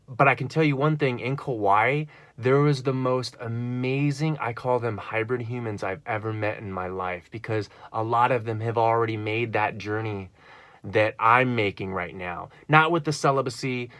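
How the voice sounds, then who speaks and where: A man's voice: medium pitch, fairly bright tone, no echo. Earnest guy rambling on to the camera, lots of ums, mid voice, dry sound. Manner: earnest, rambling, many fillers and restarts. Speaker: vlogger. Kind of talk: rambling personal monologue.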